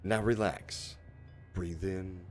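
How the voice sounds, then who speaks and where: A man putting on a hushed meditation guide. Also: sits low, steady tone, faint music behind, voice pushed down. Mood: soothing. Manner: slow, hushed, deliberate instructions. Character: calm soothing male meditation guide.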